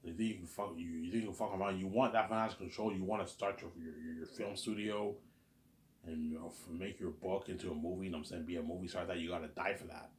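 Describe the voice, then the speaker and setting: A man's voice: low voice, fairly even intonation, fast. A man in a rambling, profane monologue, who often stammers and repeats words. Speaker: vlogger. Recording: echoey room.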